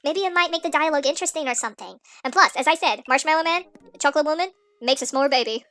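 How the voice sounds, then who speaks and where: A woman's voice: high-pitched, fast, pushed and bright. A woman reading through a story game and breaking off into rambling, self-deprecating asides. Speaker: game player and reader. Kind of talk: casual play-through commentary.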